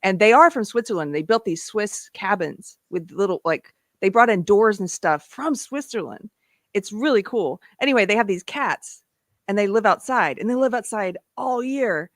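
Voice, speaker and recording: A woman's voice: medium pitch, animated, moderate pace, no room sound, studio quality. A woman from Texas hosting a live online panel, talking casually with many restarts and laughs. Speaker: host.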